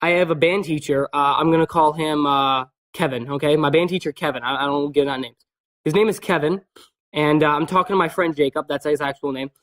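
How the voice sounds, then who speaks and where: A man's voice: a little high, fairly even intonation, fairly quick, fairly bright tone. A man telling a personal story in a casual vlog, rambling and swearing constantly. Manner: many fillers and restarts. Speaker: vlogger.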